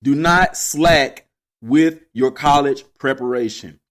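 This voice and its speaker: Here a young man from Texas, hosting a podcast, shares a personal story in a relaxed way, with a medium-pitched voice and a slow delivery. He stays animated throughout and addresses everyone as "y'all."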